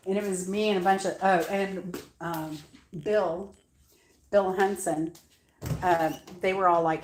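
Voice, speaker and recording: A woman's voice: on the low side, fairly even intonation, normal speed, a little hiss or hum. A woman, chatting at home in her kitchen, rambling through stories with many fillers and frequent laughs. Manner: laughs often while telling stories. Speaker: cooking vlog host. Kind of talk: casual storytelling chat.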